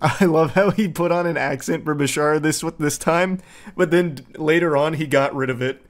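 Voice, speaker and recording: A man's voice: a little high, normal speed. A man in his thirties giving casual, sarcastic reaction commentary, swearing freely and mocking what he watches.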